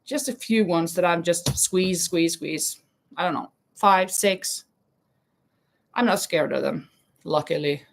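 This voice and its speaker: A woman's voice: lowish voice, takes it slowly, creaky. A woman hosting a casual live stream, chatting while she crochets, reading viewer comments aloud and laughing often. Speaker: livestream host. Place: home in Spain.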